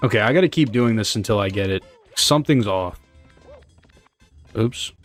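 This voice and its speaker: A man's voice: fairly low pitch, expressive, normal speed, faint music behind. A young man chatting loosely with his live chat while speedrunning, rambling and joking and swearing casually as he reads messages. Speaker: streamer.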